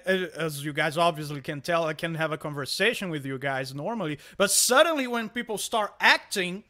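Brazilian man, Portuguese native, casual animated co-host, bright slightly high voice. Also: a little fast. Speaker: podcast co-host. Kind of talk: casual chat.

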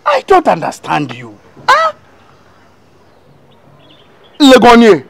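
A man's voice: extremely high pitch, wildly swooping pitch, slow, vocal fry, slight background noise, heavily acted. A man voicing an exasperated friend who scolds and mocks a liar, with a Ghanaian accent, in a comic cartoon dub. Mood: scolding. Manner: scolding, shouting, mocking.

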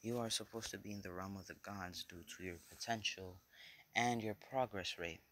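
A man voicing a gentle, remorseful goddess of existence, speaking softly and solemnly in a fan-made story. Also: fairly low pitch, steady tone, normal speed, slight background noise, natural voice.

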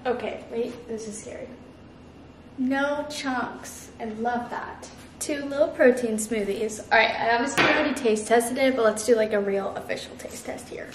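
A woman's voice: a little high, normal speed, echoey room, slight background noise. A woman in her twenties chatting casually to camera in her home kitchen as a vlogger. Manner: chatty, talks to camera while cooking. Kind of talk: casual vlog chat.

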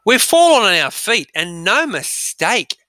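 A man reading as an excited schoolboy. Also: high voice, dry recording, voice pushed up, heavily acted. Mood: delighted. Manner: read aloud slowly and brightly for dictation. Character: boy, cheerful, excited schoolboy.

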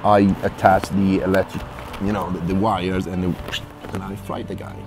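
A man's voice: deep voice, flat delivery, music in the background. Italian-accented man, playful and joking. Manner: playful, joking, halting restarts. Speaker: actor guest. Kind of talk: casual interview chat.

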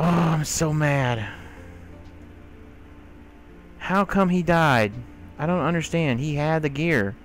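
A man's voice: a little high, fairly bright tone. A man giving let's play commentary, exasperated and scolding the characters in his game. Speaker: gamer.

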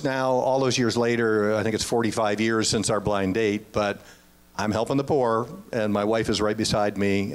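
A man in his sixties, a guest telling a personal faith story in an earnest, anecdotal way. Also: on the low side. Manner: earnest, anecdotal, with quoted dialogue. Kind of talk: casual storytelling.

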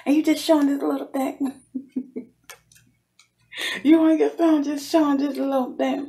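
High, gravelly-voiced woman doing a tarot reading. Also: moderate pace, very noisy. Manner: animated, teasing, calls the listener baby. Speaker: tarot reader.

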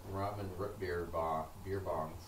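A man's voice: deep voice, fairly even intonation, a little slow. A young man hosting a casual drinking vlog, laid-back and egging his friends on. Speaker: vlog host. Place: outdoors near bikes. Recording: distant camera, roomy echo, background noise.

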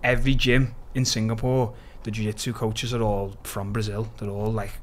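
A man from Liverpool with a Scouse accent, a podcast guest lively retelling his story with quoted dialogue and plenty of swearing. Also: lowish voice, normal speed, slight background noise. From Liverpool, England. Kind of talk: casual storytelling interview.

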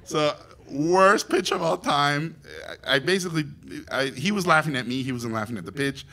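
A Mexican man, an animation director from Mexico, telling a story to an audience in an animated, theatrical way, with loud acted quotes. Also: a little high, normal speed. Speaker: animation director and festival guest speaker.

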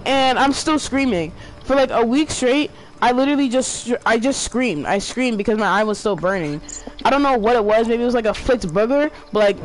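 A woman's voice: a little high, poor audio. A woman chatting casually while gaming, telling a rambling childhood story with swearing and slang.

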